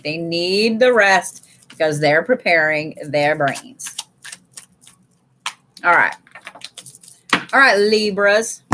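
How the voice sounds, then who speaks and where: A woman's voice: mid-range voice, a bit bright, slight background noise. A woman giving a casual live card reading, blunt and chatty, swearing freely and calling her viewers y'all. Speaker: tarot and oracle card reader.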